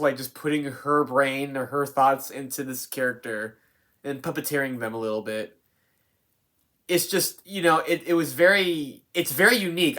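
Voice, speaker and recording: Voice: medium pitch, a bit bright. Rambling, swearing film reviewer. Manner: rambling, lots of fillers and restarts, swears freely. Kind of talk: casual unscripted review.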